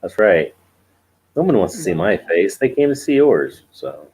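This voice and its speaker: Very deep-voiced man. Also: big pitch swings, moderate pace, a little mellow, slightly rough, poor audio. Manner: joking, self-deprecating, chuckles often. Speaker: co-host. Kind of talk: casual chat on a live stream.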